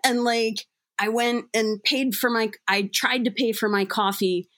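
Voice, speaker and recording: A woman's voice: fairly high pitch, fairly even intonation, a little slow, a bit bright. A young adult woman sharing a candid recovery story in casual, self-deprecating talk full of fillers.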